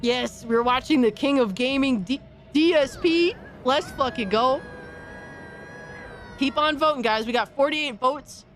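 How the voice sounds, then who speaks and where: A woman hosting a stream, chatting casually and reacting with excitable, profane trash talk. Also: sits high, unhurried, soft background music. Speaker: streamer host.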